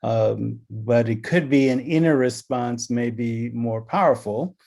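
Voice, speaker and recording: Slow, deliberate man from Los Angeles. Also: medium pitch, vocal fry, a little mellow. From Los Angeles, California. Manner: storytelling, acts out quoted dialogue. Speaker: presenter on anti-racism. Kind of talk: recorded training session talk.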